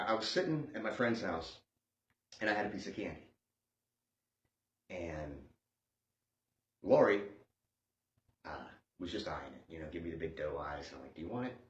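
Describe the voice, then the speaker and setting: A man doing a stand-up comedy set, sarcastic and animated, swinging between loud outbursts and hushed asides. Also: mid-range voice. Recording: dull lo-fi sound in a roomy space.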